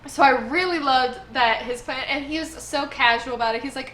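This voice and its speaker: Young woman, high bright voice, excited fan chatter, roomy echo, faint hiss. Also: brisk. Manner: gushing, emotional fan. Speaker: anime review host. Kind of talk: casual review chat.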